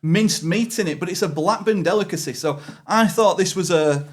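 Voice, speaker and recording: A man with a fairly high voice co-hosts a casual podcast. He talks with chatty enthusiasm and keeps tossing in quick asides. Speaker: podcast co-host. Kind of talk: casual pub-style chat.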